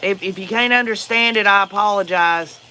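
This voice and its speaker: He's a livestream host with a Southern US accent, answering viewers' comments casually while rambling, offering opinions and using plenty of fillers. His high voice is sharp and moves at normal speed, with slight background noise.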